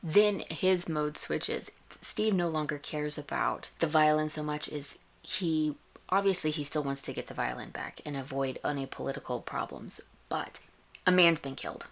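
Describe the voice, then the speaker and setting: A woman's voice: sits low, moderate pace, gravelly. A woman hosting a podcast, giving a chatty, analytical recap of a TV episode. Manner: chatty, analytical, animated retelling. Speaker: podcast host reviewing a TV episode. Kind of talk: casual recap and commentary.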